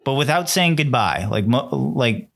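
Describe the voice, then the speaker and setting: A man's voice: mid-range voice, animated, moderate pace, fairly bright tone. A man co-hosting a casual chat show, telling stories in a rambling way with many fillers. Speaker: podcast co-host.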